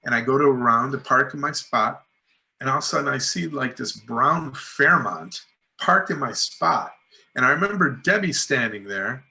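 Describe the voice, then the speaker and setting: Here a middle-aged man guesting as a filmmaker shares animated anecdotes in a casual interview, acting out what others said. His speech is full of "like"s and "you know"s, in a mid-range voice at normal speed with some vocal fry.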